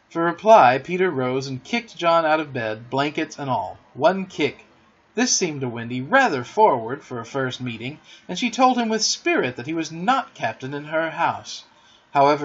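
A man narrating a children's storybook in an animated, theatrical reading, recorded dull and lo-fi. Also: mid-range voice, moderate pace, husky. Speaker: audiobook narrator.

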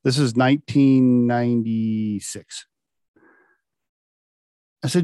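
A middle-aged man telling a casual anecdote about his job. He laughs often and acts out the dialogue with lively shifts in his voice. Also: on the high side, slow pace, long pauses, dry recording, clean studio sound. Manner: animated, laughing often, acting out quoted dialogue. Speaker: storyteller recounting a work anecdote.

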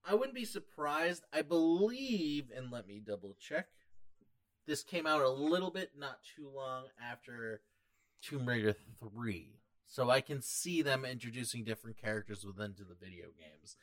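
This man speaks at a normal speed in a mid-range voice while co-hosting a podcast, bantering casually about a movie. Animated and jokey, he keeps slipping into quoted voices.

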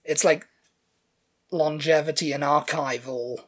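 This British podcast co-host speaks at a measured pace in a fairly high, fairly even voice. His casual chat rambles, full of fillers, and now and then he reads out show synopses.

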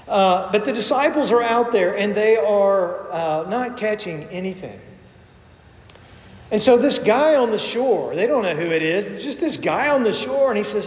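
A middle-aged man pastor giving a conversational sermon, telling stories and acting out the voices he quotes. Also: high-pitched. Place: church sanctuary. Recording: echoey long reverb of a sanctuary.

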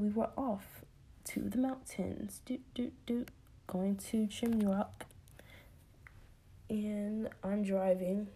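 A woman's voice: medium pitch, warm tone. A woman telling a rambling, casual story to the camera, full of "like"s and little sung sound effects. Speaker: vlogger.

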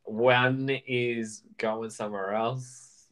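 A man's voice: medium pitch, fairly even intonation, drawn-out words, a bit bright. A man co-hosting a podcast, chatting casually about a reality show, laughing often and using fillers. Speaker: podcast co-host. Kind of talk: casual reality TV recap chat.

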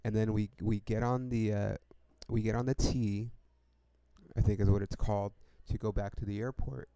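A man's voice: on the low side, fairly even intonation, moderate pace, warm tone, clean tone, no echo. A young man hosting a podcast, telling a rambling story in a laid-back, profane way, peppered with "dude" and "like". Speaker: podcast host.

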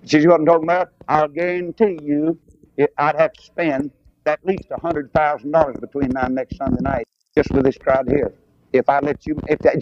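A man's voice: on the high side, a little hiss or hum. An older man preaching a revival sermon in a folksy, emphatic way. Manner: folksy, emphatic, rising to shouts on key phrases. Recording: dull lo-fi sound.

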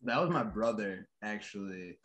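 Low-voiced halting young-sounding musician, man. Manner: relaxed, halting, heavy filler words. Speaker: band member, songwriter. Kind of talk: casual interview chat.

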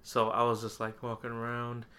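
A man co-hosting a casual podcast, recounting convention moments in a relaxed way and laughing often. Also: medium pitch, normal speed, a little hiss or hum. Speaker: podcast co-host. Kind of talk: casual chat.

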